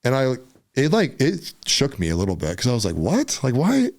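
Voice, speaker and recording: A man from Utah, a podcast guest, telling a personal story in a casual, animated way, often saying "dude" and "right?". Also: medium pitch, brisk.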